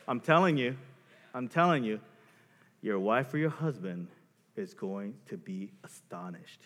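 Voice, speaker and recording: A man preaching a sermon as a pastor, animated and joking, acting out little scenes between himself and his wife. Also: lowish voice, a little slow. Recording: long hall reverb.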